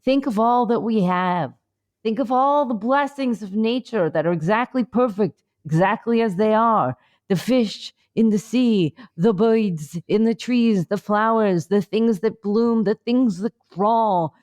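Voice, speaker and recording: On vacation and calling in remotely, a comedy podcast co-host rambles through a pretend-sincere mindfulness bit with plenty of fillers. Her voice is medium in pitch, slightly slow, and darkish in tone.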